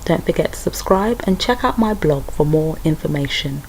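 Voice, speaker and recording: A woman's voice: low voice, animated, moderate pace, a little mellow, a little hiss or hum, low-quality recording. A young British woman chatting through a hair care tutorial, talking straight to her viewers. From United Kingdom. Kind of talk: casual tutorial.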